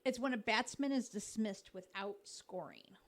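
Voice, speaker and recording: A woman's voice: fairly high pitch, moderate pace. A woman co-hosting a casual sports podcast, patiently explaining cricket slang through baseball comparisons. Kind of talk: casual chat. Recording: podcast recording.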